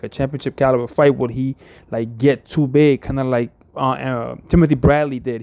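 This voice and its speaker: A man's voice: medium pitch, mellow, dry recording, clean studio sound. A man hosting a boxing talk show, giving casual, rambling commentary full of fillers and restarts.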